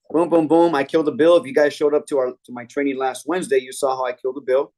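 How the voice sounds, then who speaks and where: A man leading a sales training meeting, telling a sales story with lively energy. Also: medium pitch. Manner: energetic storytelling, acting out customer quotes. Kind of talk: team training talk.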